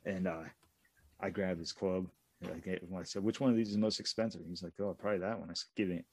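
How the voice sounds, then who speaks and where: A man co-hosting a casual podcast, telling profane, animated stories from his youth. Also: deep voice, fast talker. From Pittsburgh area. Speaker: podcast co-host. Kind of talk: casual storytelling chat.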